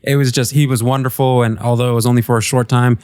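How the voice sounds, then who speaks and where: A man's voice: medium pitch, level tone, fast, a little mellow, clean tone, no echo. Enthusiastic male panelist, dry sound. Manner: enthusiastic, joking. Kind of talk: casual panel chat.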